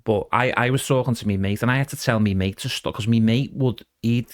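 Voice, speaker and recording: A man's voice: medium pitch, brisk, no room sound, studio quality. A middle-aged man chatting as a podcast guest, rambling casually and calling the host "mate". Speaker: guest impressionist.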